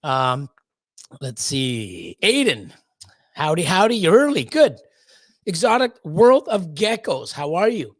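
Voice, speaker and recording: A man's voice: a little high, sing-song, slow, no room sound. A man hosting a live stream, greeting chat viewers one by one in a rambling, loose way with lots of fillers. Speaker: livestream host.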